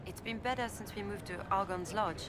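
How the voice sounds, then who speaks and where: An actress voicing a grateful former militia villager in a video game, speaking in an earnest, plain way. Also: female voice, mid-range voice, brisk, natural voice. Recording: game audio with clear background noise.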